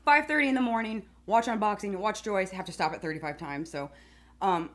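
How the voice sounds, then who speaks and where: A woman's voice: mid-range voice, brisk, a bit bright, slight background noise. A woman co-hosting a podcast in casual chat, telling stories and laughing often. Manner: chatty, storytelling, laughs often. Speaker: podcast co-host.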